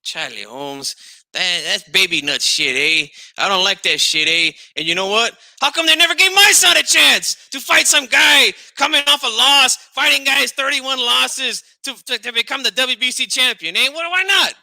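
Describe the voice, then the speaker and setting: Man doing a gravelly old Chicano boxing dad. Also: very high voice, animated, moderate pace, bright, forceful tone, no room sound, heavily acted. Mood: indignant. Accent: Chicano English. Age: older. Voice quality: gravelly, tags nearly every line with "eh?" and "Holmes". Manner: indignant, trash-talking. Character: older Chicano boxing dad, brash, boastful, combative. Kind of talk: comedic impression on a boxing talk show.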